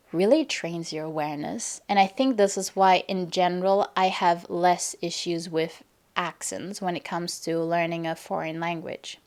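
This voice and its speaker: A young woman from Germany hosting a podcast, calmly explaining and analyzing her own poetry and reading verse aloud. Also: lowish voice. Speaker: podcast host. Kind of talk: casual explanatory monologue on poetry.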